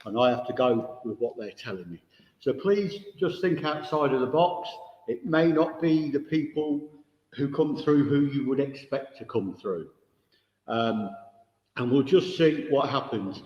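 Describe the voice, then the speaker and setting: A man's voice: medium pitch, measured pace. Chatty man in an echoey hall. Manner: chatty, direct, addresses audience members. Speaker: spiritualist medium. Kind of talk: mediumship demonstration. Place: village hall. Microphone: no microphone, room recording. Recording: echoey hall, dull, no microphone.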